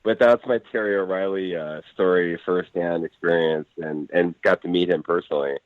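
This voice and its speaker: A man's voice: deep voice, steady tone, moderate pace, dry recording. A man casually telling a long personal story, rambling with many fillers and restarts and acting out what others said. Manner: rambling, lots of fillers and restarts, acts out quotes. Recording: dry phone-like audio.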